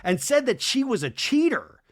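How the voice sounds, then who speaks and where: A man mimicking an aggressive reality-show woman who taunts in a loud, sing-song voice. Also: very high voice, big pitch swings, moderate pace, pitched above the performer's own voice. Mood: taunting.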